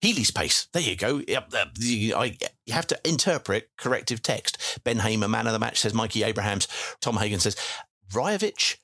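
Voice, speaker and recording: A lower-voiced English man hosts a fan podcast, rattling through listener messages with jokes and wordplay asides. The sound is dry and close, with no room around him. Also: lively intonation, normal speed, sharp tone, no room sound. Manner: jokey, chatty, wordplay asides. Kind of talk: casual chat.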